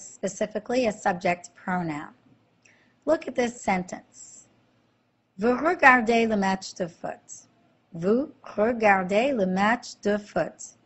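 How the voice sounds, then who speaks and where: A woman teaching a slide-based language lesson, explaining slowly and clearly and quizzing the listener with questions. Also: medium pitch. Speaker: French teacher.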